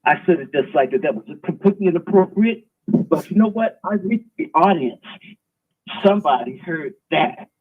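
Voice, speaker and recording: A man's voice: on the high side, expressive, normal speed, slightly rough. A man hosting a live stream, delivering an emphatic, preachy, provocative monologue. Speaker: host. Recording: tinny phone-like line.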